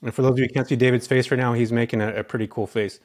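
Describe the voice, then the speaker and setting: Fast-talking man telling his story. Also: medium pitch. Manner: animated, acts out his own dialogue, heavy filler words. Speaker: podcast guest. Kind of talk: casual storytelling interview.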